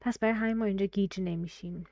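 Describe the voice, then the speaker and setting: A woman teaching English pronunciation in a recorded lesson. She explains patiently and repeats example sentences slowly. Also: medium pitch, steady tone, warm tone, dry recording. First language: Persian.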